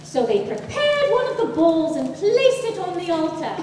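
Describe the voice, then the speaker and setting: A woman's voice: very high voice, very animated, normal speed, heavy background noise. A woman narrating a comic church reenactment in a dry storybook manner, with wry asides. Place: large church hall with audience. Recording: echoey hall, far from mic, loud crowd.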